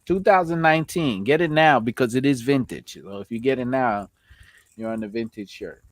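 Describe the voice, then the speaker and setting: A man's voice: medium pitch, moderate pace, no room sound. New York man hosting a live stream. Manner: laid-back, shout-outs to viewers, laughs often. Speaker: host.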